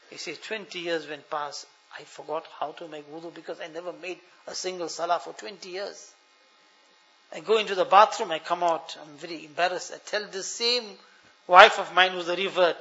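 A man preaching a sermon, telling a story and pleading earnestly with his listeners, dropping to a hush and then rising loud. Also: on the high side. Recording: dull lo-fi sound.

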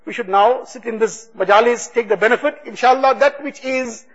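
A man giving a religious talk, retelling stories with quoted dialogue in a husky voice. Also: very high-pitched, normal speed. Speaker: religious speaker. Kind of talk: sermon storytelling. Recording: dull lo-fi recording.

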